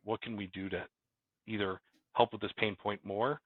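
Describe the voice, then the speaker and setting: A man's voice: lowish voice, fairly even intonation, normal speed, husky, no room sound. A man, a company president, talking casually as a guest and rambling with many restarts. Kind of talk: casual interview talk. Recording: dry, phone-like remote call audio.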